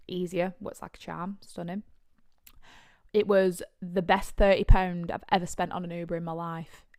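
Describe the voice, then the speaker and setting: A woman's voice: mid-range voice, no room sound, clean studio sound. Sweary Lancashire woman telling a story. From North West England. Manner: animated, sweary, blunt storytelling with shouted asides. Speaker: podcast host. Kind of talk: casual storytelling.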